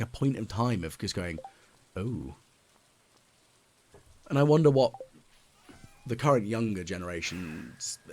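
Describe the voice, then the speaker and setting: A man near forty, musing aloud as he plays. His low voice has a gravelly edge, and his pitch swings up and down a lot. Soft game music plays underneath. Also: a little hiss or hum. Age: late 30s. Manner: rambling, musing, self-mocking, many ums. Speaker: gaming channel host. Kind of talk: casual let's play commentary.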